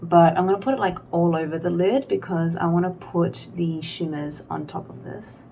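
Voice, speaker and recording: A woman's voice: fairly low pitch, moderate pace, creaky, warm tone, slight background noise. A young woman vlogger talking casually through a makeup tutorial, rambling with lots of fillers and poking fun at herself. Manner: rambling, filler-heavy, self-deprecating. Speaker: beauty vlogger.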